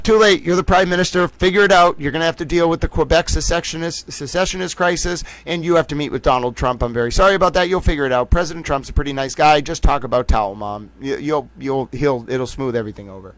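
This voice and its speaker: A man's voice: fairly high pitch, brisk, no echo. A man hosting a casual livestream, joking around and talking to chat viewers by name. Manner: animated, jokey, calls himself a little towel. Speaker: livestream host.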